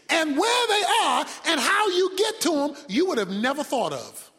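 A man preaching a sermon as pastor, swinging from loud shouts down to near-whispers. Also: very high-pitched, very animated, moderate pace. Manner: preaching with sudden shouts and drops to a hush. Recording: long hall reverb.

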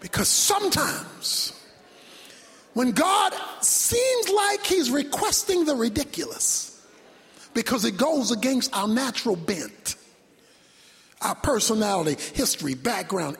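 A man preaching a sermon with dramatic delivery, shouting one moment and dropping low the next. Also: big pitch swings, slow. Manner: dramatic, shouting, sudden drops to near whisper. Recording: long hall reverb.

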